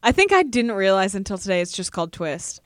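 A woman co-hosting a podcast in casual chat, making dry, teasing, deadpan quips. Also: medium pitch, fast, no room sound. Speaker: podcast co-host.

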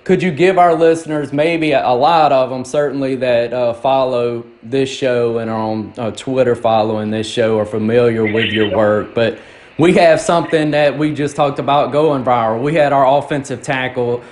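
A man's voice: medium pitch, steady tone, normal speed, darkish tone. A man with a South Mississippi accent hosting a show, asking rambling, folksy questions in casual chat. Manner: rambling, searching for words, folksy. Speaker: radio show host.

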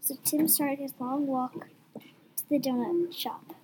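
High-voiced young woman reader, lively delivery, noisy room. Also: takes it slowly. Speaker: story reader. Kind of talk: reading a story aloud.

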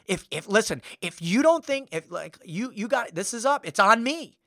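Controlling woman organizer, put on by a male storyteller: stammering, insistent, raised pitch. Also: lively intonation, moderate pace, a bit bright, dry recording, clean studio sound. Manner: repeats herself, stammers, talks over.

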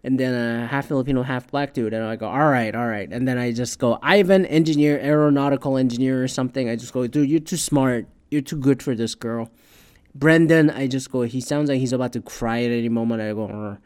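A man talks in a loose, rambling rant full of swearing. He keeps a middle-range voice for long stretches, then grows loud and heated. His speech is an unscripted, casual chat. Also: mid-range voice, fairly quick, clean tone. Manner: profane, rambling, gets loud and worked up. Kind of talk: casual ranting recap.

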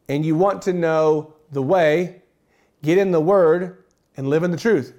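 A man's voice: a little high, takes it slowly, a little mellow. A man preaching a sermon, reading scripture and repeating key phrases for emphasis with casual, folksy asides.

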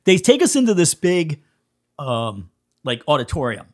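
A man with a slightly higher-than-usual voice tells stories as a podcast guest. He laughs a lot and acts out the people in his anecdotes. The talk is loose and conversational. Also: unhurried. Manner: animated storyteller who laughs often and acts out quoted people. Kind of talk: casual storytelling interview.

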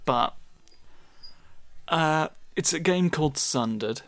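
A man's voice: a little high, expressive, takes it slowly, a bit bright, no echo. A man, co-hosting a casual podcast chat, rambling and self-deprecating with the odd swear. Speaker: podcast co-host.

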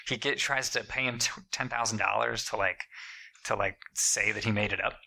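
A man casually telling a story to a friend, swearing a lot and acting out the people in it with sudden high, loud voices. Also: normal speed, vocal fry, low-quality recording. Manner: profane, animated, acts out quotes in jumped-up voices. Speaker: podcast co-host telling a story.

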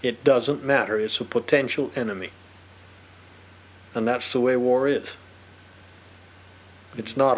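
A man's voice: medium pitch, measured pace, long pauses, breathy edge. An older man, a war veteran, speaking emphatically and repeating his point. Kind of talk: recollection in interview. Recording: muffled lo-fi radio recording.

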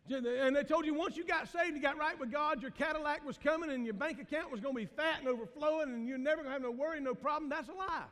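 A man's voice: extremely high pitch, a bit bright. A man, a pastor preaching a sermon in a folksy way, asking the congregation questions and laughing often. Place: church sanctuary. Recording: long reverb of a church hall.

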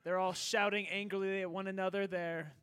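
A man narrating an improv comedy scene in a casual, halting way. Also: high voice, little pitch movement, a bit bright, clear, resonant tone.

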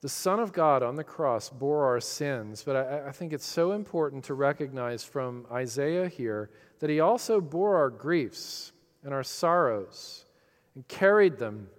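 A middle-aged man preaches with earnest conviction, rising on key words and easing into quiet reflection. His voice sits at an ordinary mid pitch. Long reverb from a large church hall trails behind him. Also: expressive, a little slow. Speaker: pastor. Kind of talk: sermon.

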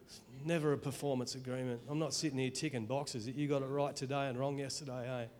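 A middle-aged Australian man giving an earnest, emotional spoken testimony in church, halting and restarting as he speaks. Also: medium pitch, fairly even intonation, a little mellow, a little hiss or hum.

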